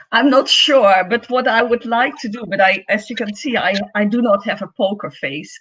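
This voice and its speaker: A woman's voice: fairly high pitch, husky, poor audio. Hesitant woman guest from the Netherlands. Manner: hesitant, halting, with many fillers and soft laughs. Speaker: guest caller. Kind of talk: casual chat.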